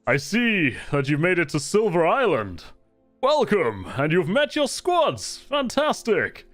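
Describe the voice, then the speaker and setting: A man's voice: sits high, wildly swooping pitch, unhurried, fairly bright tone, soft background music, pitched above the performer's own voice, exaggerated voice. A man doing a beaming, boastful knight-marshal. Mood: jovial. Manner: jovial, theatrical, teasing. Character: cheerful boastful male academy marshal in shining plate.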